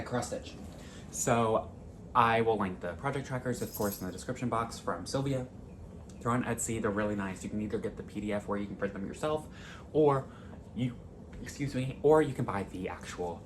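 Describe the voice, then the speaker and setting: A man's voice: on the low side, background noise. A young man in his twenties chatting casually with viewers in a home craft vlog, rambling and openly emotional. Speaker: cross-stitch vlogger. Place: home, indoors.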